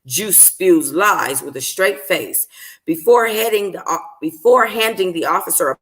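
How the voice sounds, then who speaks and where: A woman's voice: fairly low pitch, expressive, a little slow, fairly bright tone. Casual woman reading a novel aloud. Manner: casual, profane, apologizes for slips. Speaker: book club reader.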